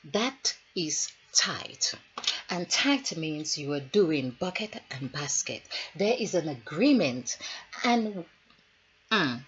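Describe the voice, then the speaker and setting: A woman's voice: medium pitch, a little hiss or hum. A woman who works as a healer, giving a spiritual numerology talk in a rambling, musing way with storytelling asides. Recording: dull lo-fi recording.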